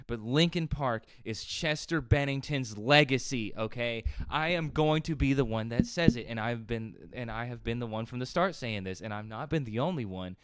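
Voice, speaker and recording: An agitated man delivers rambling, profane commentary as a reaction video host. His voice is smooth and resonant at a middle pitch. The sound is dry and close. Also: no echo. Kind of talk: heated ranting commentary.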